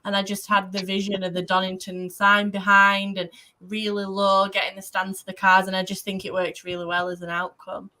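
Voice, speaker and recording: A woman's voice: medium pitch, completely flat delivery, normal speed, hardly any pauses, pushed and bright. A woman talking as a guest motorsport photographer on a casual podcast, enthusiastic and rambling in her storytelling.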